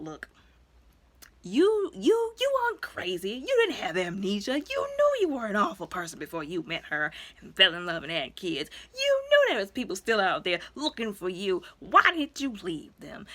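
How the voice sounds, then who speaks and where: A woman's voice: medium pitch, fairly bright tone. A woman giving a casual, chatty movie review, acting out the characters' lines as she retells the story.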